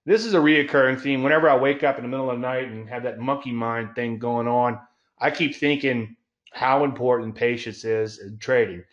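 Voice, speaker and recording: A man hosts his own trading talk show in a folksy, emphatic manner. He slows down to lean on key words and chuckles at his own jokes, with his voice sitting at an ordinary middle pitch. The recording is a little dull and lo-fi. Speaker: trading educator and show host. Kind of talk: solo market talk show.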